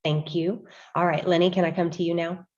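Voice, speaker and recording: Woman, panel moderator, brisk and polite, lowish voice, dull lo-fi sound. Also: level tone, darkish tone. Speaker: judge moderating a mock trial panel.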